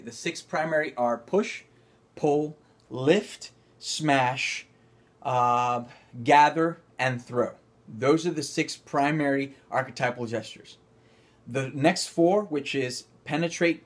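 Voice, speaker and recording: A man teaching acting, talking to camera and calling out cues while he demonstrates movement exercises. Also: mid-range voice. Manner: coaching, calling out cues, rising to loud effortful bursts.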